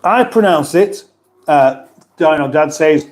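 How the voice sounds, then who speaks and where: A man's voice: on the high side, animated, measured pace, darkish tone. A middle-aged British man hosting a casual livestream, chatting in a rambling, self-mocking way and reading out viewer comments. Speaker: livestream host.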